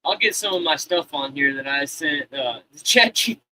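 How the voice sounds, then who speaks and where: A man in his thirties hosting a live stream, talking loosely to his chat with constant swearing. His voice sits a little high and sounds very bright and forceful. He rambles, restarts and trails off as he goes. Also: animated, normal speed, rough recording. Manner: profane, rambling, talks to chat.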